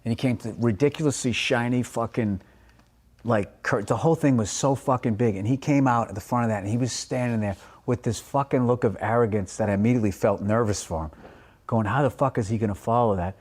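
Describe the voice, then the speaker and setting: A middle-aged man, a stand-up comic, chatting casually on a podcast. He tells stories with lots of profanity and builds them up with animated energy. His pitch sits in the middle for a man. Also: brisk. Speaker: stand-up comedian.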